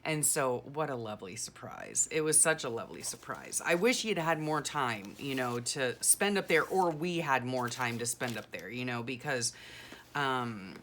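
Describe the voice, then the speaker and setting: Middle-aged lady journaling on camera, chatty rambling storyteller, lots of fillers, low pitched. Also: expressive, moderate pace, fairly bright tone, slight background noise. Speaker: journaling vlogger. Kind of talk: casual rambling chat.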